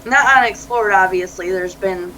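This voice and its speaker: A woman's voice: medium pitch, moderate pace, a little hiss or hum, low-quality recording. A woman speaking as a life coach in an interview, telling stories animatedly and acting out quoted dialogue. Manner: animated storyteller who acts out quoted dialogue and laughs easily. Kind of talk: conversational interview.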